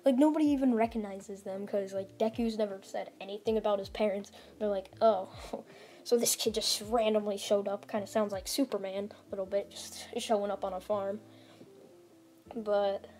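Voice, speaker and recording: A woman's voice: mid-range voice, dark tone. A woman casually retelling a fan-made story, rambling with lots of "like" and restarts.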